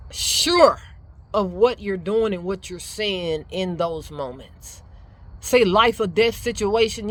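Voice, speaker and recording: A middle-aged woman giving life advice in a casual motivational talk, emphatic and animated, laughing often. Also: medium pitch. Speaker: speaker sharing life advice.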